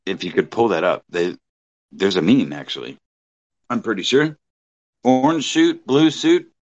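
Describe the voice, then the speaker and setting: A man's voice: on the low side, animated, a little slow, a little mellow, no room sound, lo-fi sound. A man joining a casual podcast stream as a guest, crude, blunt and joking.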